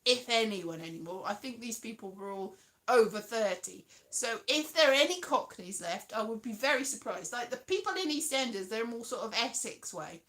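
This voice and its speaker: A woman's voice: a little high, expressive, moderate pace, a bit bright. A woman hosting a casual live chat, rambling and giggling, now and then slipping into silly put-on voices. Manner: chatty and giggly, rambling with frequent laughs; slips into silly put-on voices and sung bits. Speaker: host of a live weekly stream.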